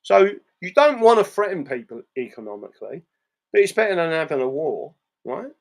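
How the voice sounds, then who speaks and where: Blunt gravelly English man ranting. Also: on the high side, very animated, a little fast. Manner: blunt, repetitive, swears, tags lines with "right?". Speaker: channel host reading live chat. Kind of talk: casual live-stream monologue.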